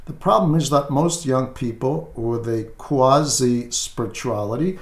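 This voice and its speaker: A man, an Orthodox clergyman, giving pastoral advice at a measured pace with frequent hesitant fillers. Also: mid-range voice, roomy sound.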